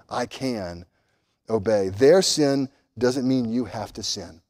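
A pastor preaching a sermon, building to loud emphatic peaks and then dropping to a quiet, earnest tone, often repeating words as he goes. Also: mid-range voice, slow. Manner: impassioned, rising and falling emphasis, repeats words; addresses children directly at times.

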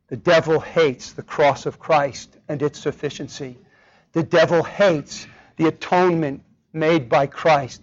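Man, sermon, raised voice, emphatic, rhetorical questions, muffled lo-fi recording. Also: on the high side. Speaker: preacher. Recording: dull lo-fi recording.

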